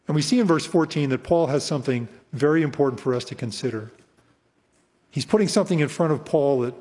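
A man's voice: mid-range voice, a little mellow, slightly rough, long reverb tail. A male pastor giving an earnest expository sermon and stressing his points by repeating them. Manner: earnest, emphatic repetition.

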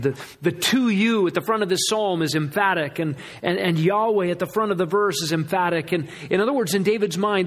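High-voiced man preaching earnestly. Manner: earnest, emphatic preaching with repeated restarts. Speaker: pastor. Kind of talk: sermon.

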